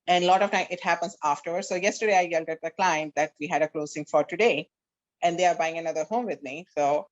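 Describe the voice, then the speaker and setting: A woman's voice: lowish voice, fast, muffled recording. A woman real estate agent co-hosting a casual discussion, candidly telling stories about her own work and temper.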